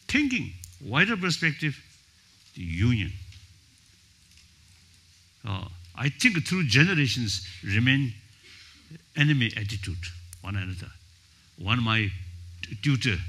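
Older man, halting panel speaker. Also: on the low side, pushed and bright. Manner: halting, searching for words, frequent "you see". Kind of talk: panel talk. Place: conference hall.

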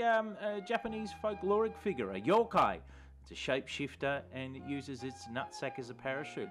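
An Australian man hosting a comic year-in-review vlog, talking in a sardonic, profane, deadpan way. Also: medium pitch, normal speed, soft background music. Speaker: activist vlogger and host.

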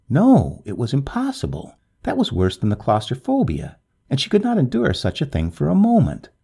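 A man narrating a classic tale in an expressive, swooping storybook delivery. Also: medium pitch, creaky, husky.

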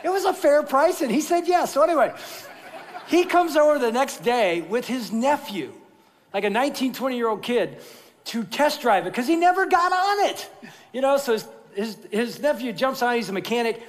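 A man preaching a sermon as pastor, telling stories in an animated, jokey way and then turning quiet and earnest. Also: very high-pitched, moderate pace. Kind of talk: sermon with storytelling. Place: large church sanctuary. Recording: long reverb of a large church hall.

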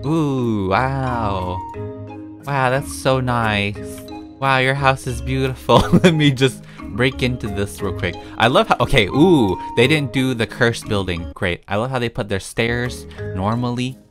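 A man's voice: medium pitch, animated, normal speed, few pauses, over music. A man giving casual gameplay commentary as a gaming YouTuber, giggly and mischievous and laughing often.

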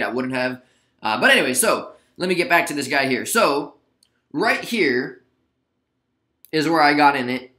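A man hosting a casual trading recap, chatty and relaxed, with lots of fillers and asides. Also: mid-range voice, roomy sound. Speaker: stock trading video host. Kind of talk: casual screen-share trade recap.

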